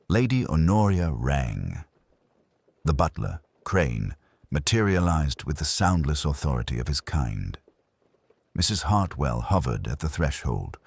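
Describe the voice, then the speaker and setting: Man, audiobook mystery narrator, deep voice, dry close sound. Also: breathy edge, dry recording. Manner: measured, expressive storytelling.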